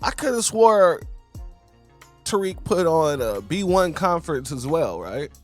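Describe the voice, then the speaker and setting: A man as a commentary host, slow and sarcastic, talking to his audience. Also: a little high, very animated, soft background music. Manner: measured, sarcastic, addresses audience as family. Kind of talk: video commentary.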